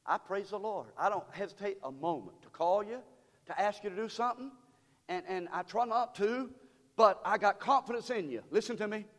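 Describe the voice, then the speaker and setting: Preacher man, middle-aged, goes quiet then shouts, high pitch, long church echo. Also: normal speed. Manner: swings from hushed to shouting, fervent. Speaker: pastor. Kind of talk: sermon. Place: church sanctuary. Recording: long reverb of a church hall.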